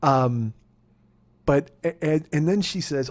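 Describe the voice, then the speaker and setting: Fast-talking profane comedian man. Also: medium pitch, vocal fry. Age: 40s. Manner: profane, rambling, gets worked up and shouty. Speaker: podcast host. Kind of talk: casual storytelling.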